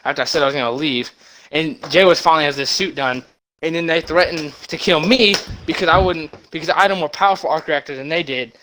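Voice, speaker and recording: A young man retelling a movie plot as a rambling comic story, excited and short of breath, with sudden loud bursts. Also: on the high side, low-quality recording.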